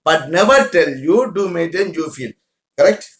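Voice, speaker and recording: A man's voice: fairly high pitch, animated, moderate pace, a bit bright. A man giving an informal spiritual talk to followers in broken English, repeating words and asking listeners questions. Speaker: spiritual teacher. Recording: roomy echo.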